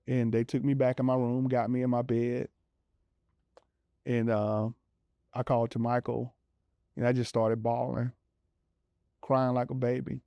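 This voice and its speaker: Man telling a personal story, dark tone. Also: mid-range voice, level tone, measured pace, pauses often, dry recording. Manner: conversational, many fillers, acts out quoted voices. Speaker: interviewee telling his recovery story.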